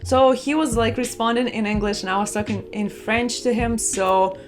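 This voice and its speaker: A woman's voice: on the high side, fairly even intonation, normal speed. A woman vlogger talking casually to her viewers, chatty and storytelling, acting out other people's lines. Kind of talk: casual travel vlog talk.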